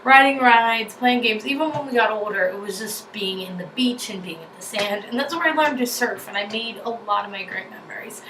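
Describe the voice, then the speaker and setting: A chatty young woman with a New York accent talks to her viewers in a bubbly, rambling way. Her voice sounds a little distant from the mic in an echoey room. A steady background hiss runs under everything. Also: medium pitch, a little fast, hardly any pauses. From New Jersey. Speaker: YouTuber. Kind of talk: casual vlog chat.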